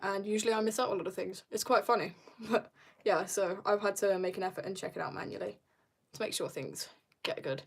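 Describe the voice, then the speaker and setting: A woman's voice: mid-range voice, a little fast, gravelly, husky. Giggly teen girl streamer. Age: teens. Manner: rambling, self-mocking, giggly storytelling. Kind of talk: casual chat while drawing on a livestream.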